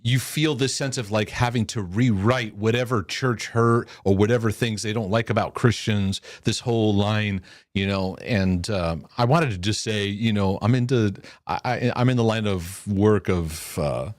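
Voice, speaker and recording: A former pastor from the United States, now a podcast host, tells a story in casual conversation, quoting what people said. His voice is lowish and his pace moderate, recorded with clean studio sound and no echo. He's an animated storyteller who repeats words as he goes.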